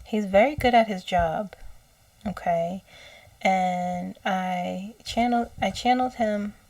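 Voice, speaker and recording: A woman psychic talking casually about messages she says she channeled, slow and hesitant, often correcting herself and dropping into whispers. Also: mid-range voice, no room sound, distant mic. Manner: slow, hesitant, self-correcting, with soft laughs and whispered asides.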